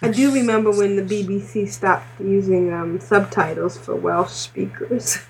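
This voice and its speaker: A woman's voice: medium pitch, steady tone, normal speed, creaky, slight background noise. A woman co-hosting a casual gaming podcast, reading listener emails aloud with giggly asides. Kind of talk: casual chat.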